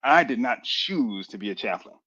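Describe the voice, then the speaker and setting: A man in his fifties from Boston, a military chaplain telling his story as a radio interview guest, lively and full of acted-out dialogue. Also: mid-range voice, normal speed, breathy edge. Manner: animated, lively storyteller who acts out dialogue. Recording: dull lo-fi radio audio.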